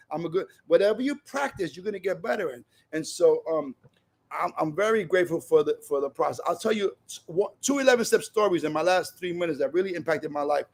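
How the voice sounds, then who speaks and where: A man's voice: high voice, lively intonation, a little fast. A man giving a passionate, repetitive personal share at a recovery meeting, telling stories.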